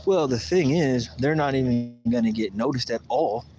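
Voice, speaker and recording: A man's voice: medium pitch, normal speed, faint music behind, low-quality recording. A man hosting a casual livestream, rambling through a story and acting out the voices of the people in it. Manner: rambling, animated, acts out quoted voices. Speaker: livestream host. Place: outdoors at a lake.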